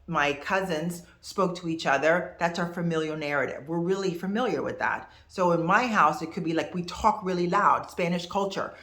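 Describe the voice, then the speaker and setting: Echoey, low-voiced woman in her fifties. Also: moderate pace, few pauses. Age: 50s. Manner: expressive, conversational, animated asides. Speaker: host. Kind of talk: casual teaching to camera.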